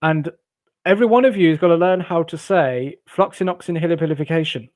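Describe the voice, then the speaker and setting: A man's voice: fairly high pitch, fairly quick, a little mellow, no echo. Jovial English man chatting with viewers. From England. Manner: jovial, rambling, laughs often. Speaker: livestream host. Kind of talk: casual chat with live chat readers.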